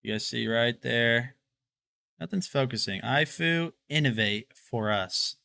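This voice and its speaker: A young man hosting a live product showcase stream, chatting casually and excitably straight to his viewers. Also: medium pitch, unhurried, vocal fry. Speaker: livestream product showcase host.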